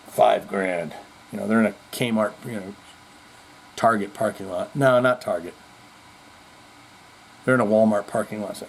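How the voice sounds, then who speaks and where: A man's voice: medium pitch, lively intonation, moderate pace, creaky, slight background noise. A male show host telling jokes and rambling through a casual, profane comedy monologue. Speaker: podcast host.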